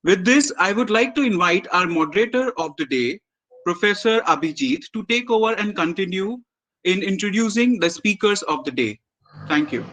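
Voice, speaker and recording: A man's voice: sits high, animated, normal speed, a bit bright, poor audio. A man giving formal opening remarks for a webinar, recapping earlier sessions before handing over to the moderator. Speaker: event host.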